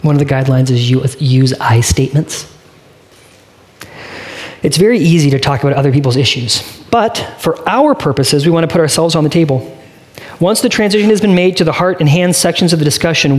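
Preaching as a pastor, this man speaks earnestly and conversationally, asking his congregation direct questions and easing his pace for scripture readings. His voice sits on the higher side.

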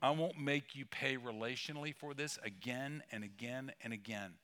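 A man's voice: mid-range voice, normal speed, bright, forceful tone. A man preaching a sermon as a pastor, conversational and emphatic, with asides and humor.

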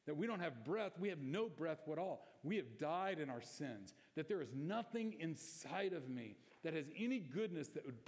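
In a church hall with long reverb, a male pastor delivers a sermon, speaking conversationally and with emphasis while asking the congregation rhetorical questions. His voice is a little high and a little mellow.

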